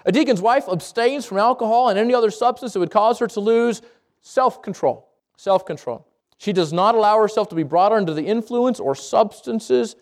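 A man preaching a sermon to a congregation, lively and conversational, with jokes, asides and quick self-corrections. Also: high voice. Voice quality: speaks around braces. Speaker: pastor.

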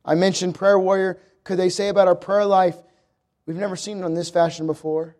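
A young male preacher with a high-pitched voice delivers a sermon. He speaks emphatically, returning again and again to a refrain. His style is direct and energetic. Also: brisk. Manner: emphatic, repetitive preaching with acted quotes.

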